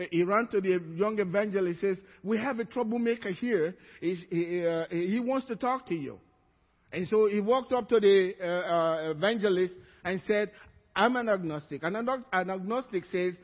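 A pastor preaching a sermon, telling stories and acting out the people in them. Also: male voice, sits high. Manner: storytelling, acts out quoted voices. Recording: muffled church recording, long reverb.

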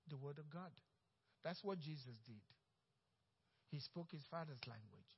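A high-voiced man preaches in a church, his words ringing with a long hall reverb. He acts out coworkers and swings between bold, loud declarations and quiet, hushed asides. The sound is muffled and slightly lo-fi. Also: expressive, a little slow, vocal fry, long pauses, breathy edge. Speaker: pastor. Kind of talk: sermon. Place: church sanctuary.

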